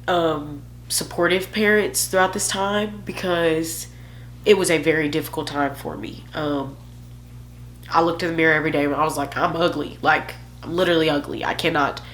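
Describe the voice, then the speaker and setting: A woman's voice: deep voice, a bit bright, slight background noise. A young woman vlogger telling a candid, emotional personal story, joking at her own expense.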